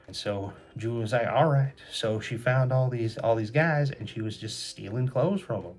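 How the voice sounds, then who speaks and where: A man retelling a story for children in a gentle, chatty, moralizing way. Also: mid-range voice, normal speed.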